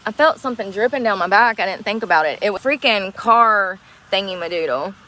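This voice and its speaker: A woman's voice: medium pitch, animated, fairly quick, pushed and bright, slight background noise, rough recording. A woman chatting on a livestream around a car, rambling, giggling and cursing, breathless from effort. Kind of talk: casual livestream chat.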